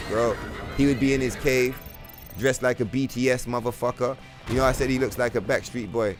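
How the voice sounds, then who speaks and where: A man's voice: medium pitch, steady tone, moderate pace, music in the background. A man streaming a game, rambling in a casual, profane, slang-heavy way. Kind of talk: casual livestream chat.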